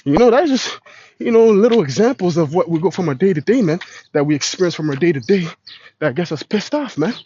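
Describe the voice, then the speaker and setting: A man's voice: sits high, animated, a little fast, mellow, a little hiss or hum. A man preaching in a casual street style, slangy and full of "man" and "you know". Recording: dull lo-fi recording.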